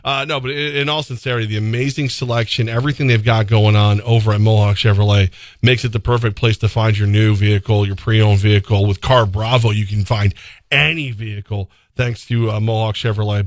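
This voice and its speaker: A man's voice: lowish voice, fairly quick, no echo. A man co-hosting a sports radio show, chatting casually and rambling through a live ad read, laughing easily. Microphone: studio microphone.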